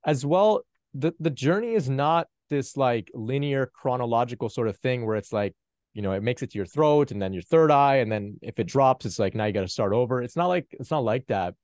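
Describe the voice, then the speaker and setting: A man hosting a spiritual Q&A on a video call, talking gently and reassuringly with many fillers and restarts. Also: mid-range voice, animated, brisk, no room sound, clean studio sound. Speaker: Kundalini Q&A host. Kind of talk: spiritual teaching chat.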